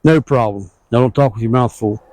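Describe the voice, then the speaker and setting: A man giving a casual weekly garden update on his homestead, rambling in a relaxed country way outdoors as his wife films. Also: mid-range voice, a little fast, no room sound, poor audio. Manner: relaxed, rambling country talk with plain grammar. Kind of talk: casual walk-through narration.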